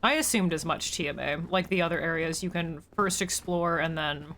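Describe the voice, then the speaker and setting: A woman's voice: deep voice, fairly quick, a bit bright, a little hiss or hum. A woman streamer chatting casually as she plays, thinking aloud and talking to her viewers. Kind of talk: casual gameplay commentary.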